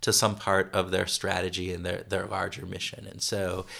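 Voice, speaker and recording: Gravelly, halting male consultant. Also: low voice, completely flat delivery, sharp tone. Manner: halting, many restarts and repeated words. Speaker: consultant guest. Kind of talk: interview conversation.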